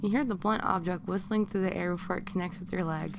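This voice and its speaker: A woman's voice: fairly low pitch, steady tone, fast talker, gravelly, noisy background. A woman casually narrating a second-person story, breaking off into crude, joking asides. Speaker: reader of fan fiction.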